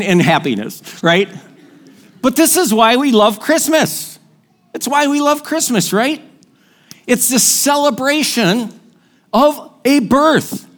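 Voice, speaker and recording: High-voiced joking pastor from Minnesota. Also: male voice. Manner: animated, joking storyteller with crowd call-outs. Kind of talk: sermon.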